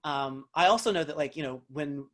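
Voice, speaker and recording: A man's voice: a little high, a little fast, a bit bright. A man from North Carolina with a light Southern accent, a dialect coach thinking aloud as he answers interview questions. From North Carolina, USA. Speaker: actor and dialect coach, guest.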